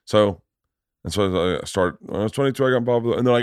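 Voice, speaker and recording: Deep-voiced rowdy male podcast host. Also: fast talker, clean tone, no echo, clean studio sound. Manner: rowdy, animated anecdotes with profanity. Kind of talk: casual podcast chat.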